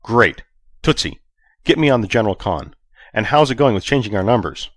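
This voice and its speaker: A man voicing a brash, exasperated male starship captain who talks loudly and pushily. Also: lowish voice, big pitch swings, fairly quick, no echo, clean studio sound, pitched above the performer's own voice. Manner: loud, pushy and exasperated.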